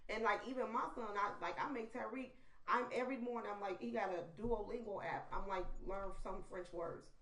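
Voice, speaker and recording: A woman co-host in casual chat, animated and talking quickly in a relaxed vernacular way. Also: mid-range voice, recorded from a distance. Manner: animated, talks fast with vernacular phrasing. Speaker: podcast co-host. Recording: roomy, from off-mic.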